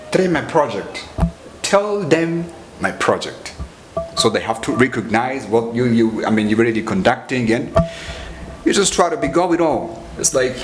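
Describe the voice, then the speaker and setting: Teaching slang informally, a lively-voiced male English teacher takes his explanations slowly and says example phrases more than once, his pitch rising and falling a lot. There's slight background noise, and the room is echoey with faint ambience.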